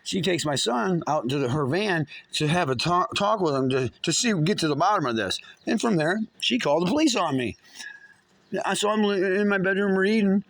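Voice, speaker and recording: Guy ranting his story, swearing nonstop, kinda high voice, stumbles and restarts. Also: expressive, fairly bright tone. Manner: profane, agitated, halting with many restarts. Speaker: vlogger telling his story. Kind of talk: angry rambling monologue.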